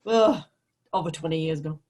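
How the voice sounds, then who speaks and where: A woman chatting lively on a group video call. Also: low-pitched, fairly quick. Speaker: call participant.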